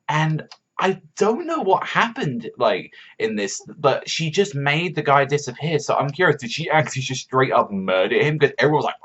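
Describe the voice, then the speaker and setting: A man's voice: mid-range voice, big pitch swings, moderate pace, fairly bright tone. A man giving a casual, rambling review, swearing heavily and leaning on filler words. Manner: profane, rambling, heavy use of filler words. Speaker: manga reviewer. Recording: dull lo-fi recording.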